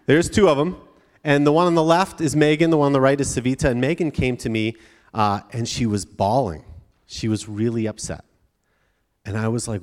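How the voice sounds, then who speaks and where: A man's voice: mid-range voice, fairly quick. Man preaching in a reverberant hall. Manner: conversational, frequent tag questions. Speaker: pastor. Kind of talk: sermon to students.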